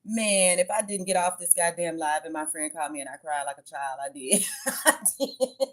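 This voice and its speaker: A woman's voice: low-pitched, lively intonation, normal speed. A woman hosting her tarot channel, chatting casually on a livestream and telling a story in frank, profane speech.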